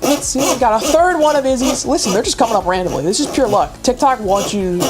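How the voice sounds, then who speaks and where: A woman co-hosting a casual livestreamed board game, excitable and teasing, laughing often. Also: a little high, fast, over loud music. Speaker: streamer co-host.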